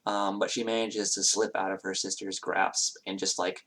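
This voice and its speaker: A man's voice: sits low, flat delivery, normal speed, a bit bright. A man narrating as game master, talking casually with lots of hesitations. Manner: hesitant, many fillers and restarts.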